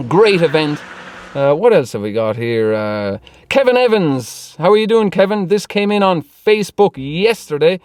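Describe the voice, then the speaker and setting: A man's voice: a little high, sing-song, normal speed, a little mellow, dry recording. A man answering viewer questions in a casual vlog, chatty and laughing often between remarks. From Ireland. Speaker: car vlogger. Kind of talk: casual Q&A vlog, reading comments.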